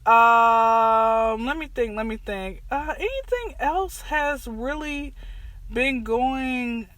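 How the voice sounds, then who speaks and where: A woman in her twenties hosting a casual chat show, telling animated stories and acting out family dialogue. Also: on the high side, slow pace, dry recording. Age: 20s. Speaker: podcast host.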